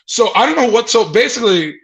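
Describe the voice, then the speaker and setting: A man guest on a comedy podcast, telling a story with sweary, animated storytelling, laughing as he goes. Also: very high-pitched, fast, creaky, low-quality recording. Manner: swearing, laughing mid-story, acting out voices.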